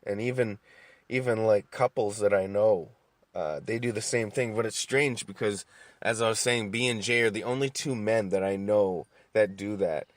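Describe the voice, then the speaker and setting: Calm, laid-back man telling stories. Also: on the low side, normal speed, no room sound. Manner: calm, laid-back storytelling with frequent swearing and restarts. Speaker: podcast host. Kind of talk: casual monologue.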